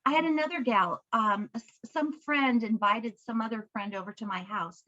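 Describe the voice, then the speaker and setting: A woman's voice: fairly high pitch, normal speed, sharp tone, muffled recording. A woman book coach telling stories and teaching, acting out bits of dialogue over a video call. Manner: storytelling, acts out dialogue. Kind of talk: conversational teaching.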